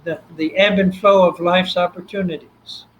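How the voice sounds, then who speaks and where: An older man from Texas with a Texan accent, a guest telling his story in an animated way and acting out the voices. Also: high-pitched, moderate pace, lo-fi sound, a little hiss or hum. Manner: animated, acts out quoted voices. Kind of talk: storytelling interview.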